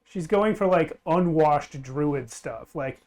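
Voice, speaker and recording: A man's voice: a little high, unhurried, darkish tone. A man narrating a tabletop game as game master, easygoing and laughing often.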